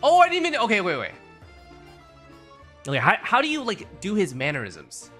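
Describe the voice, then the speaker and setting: A man's voice: sits high, wildly swooping pitch, normal speed, pushed and bright, soft background music. A young man streaming a game, rambling casually to his chat with swearing and restarts.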